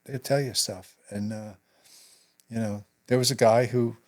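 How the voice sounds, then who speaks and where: An older man telling a personal story in an interview, halting and reflective, his voice trailing off into quiet asides. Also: medium pitch, steady tone. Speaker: guest, veteran actor and writer.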